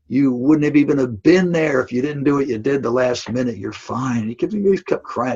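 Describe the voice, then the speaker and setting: A man's voice: medium pitch, animated, fairly quick, hardly any pauses, breathy edge. An older man, a basketball coach, telling a story in an interview, earnest and emphatic, often asking "right?". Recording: dull lo-fi audio.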